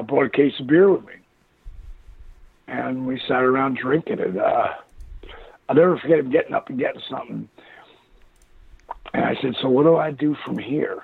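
Gravelly-voiced man on a tinny phone line. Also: mid-range voice. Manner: rambling, animated storytelling with frequent laughs. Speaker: interview guest, former wrestler. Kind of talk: casual interview chat.

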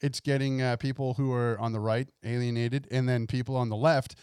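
A man's voice: mid-range voice, level tone, brisk, a little mellow, smooth, dry recording, clean studio sound. A man co-hosting a casual podcast, mostly agreeing in a laid-back way and sometimes making sarcastic asides. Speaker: podcast co-host.

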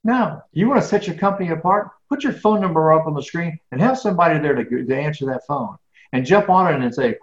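A man's voice: fairly high pitch, animated, a little fast. Emphatic middle-aged man, echoey lo-fi line. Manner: emphatic, many restarts and repeats. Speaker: guest speaker. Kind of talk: conversational interview. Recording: echoey, dull lo-fi sound.

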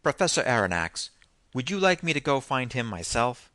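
A man's voice: mid-range voice, very animated, moderate pace, fairly bright tone, no echo, studio quality, voice pushed up. A man voicing a blunt, impatient Canadian harpooner who talks insistently in an audiobook. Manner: insistent, pushy.

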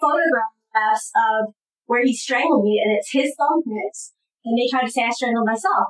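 A woman guest giving personal testimony in an interview, earnest and emphatic, with halting restarts. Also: fairly high pitch, poor audio.

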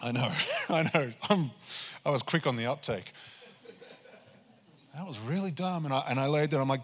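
Man pastor, mid-pitched, animated sermon storyteller, church reverb. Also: normal speed, pauses often. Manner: animated storytelling, acting out his own prayers. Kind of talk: sermon testimony.

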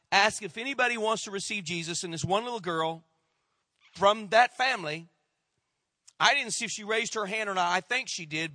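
Middle-aged pastor guy telling a story in his sermon, bright forceful voice, acts out the people in it, dry close sound. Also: high voice, no echo. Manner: animated storyteller, acts out quoted voices, drops to hushed tones.

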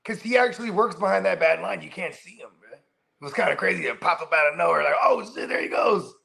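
A man's voice: high-pitched, fast talker, gravelly, bright, forceful tone. A man co-hosting a casual fantasy football chat, rambling and profane, tagging lines with "you know what I mean". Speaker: co-host.

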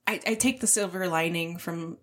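A woman's voice: on the low side, moderate pace. Supportive woman co-host reacting briefly. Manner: supportive listener with frequent short reactions. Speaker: podcast co-host. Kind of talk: casual chat.

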